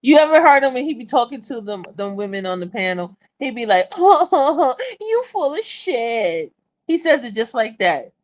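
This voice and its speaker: A woman's voice: a little high, lively intonation, brisk, few pauses, highs cut off. Teasing, giggly woman co-host. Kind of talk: casual chat.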